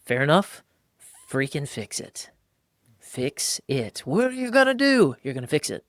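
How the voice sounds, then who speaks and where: A man hosting a podcast, talking in a casual, emphatic way and jumping into higher, livelier voices when he acts out quotes. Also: very animated, measured pace, fairly bright tone, no room sound, studio quality. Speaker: podcast host. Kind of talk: casual podcast talk on faith and marriage.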